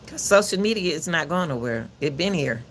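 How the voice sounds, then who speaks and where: A man hosting his own channel, giving casual spoken commentary in a loud, projected coach's voice, emphatic and preachy, often repeating himself. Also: fairly high pitch, expressive, a little fast, slight background noise. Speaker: channel host commenting on a court case.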